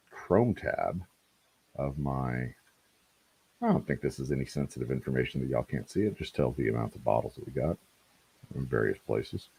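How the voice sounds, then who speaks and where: A man's voice: extremely low pitch, darkish tone, breathy edge, no echo. A man, hosting a casual distillery livestream and chatting to viewers with rambling, joking asides. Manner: rambling, talks to chat, self-deprecating jokes.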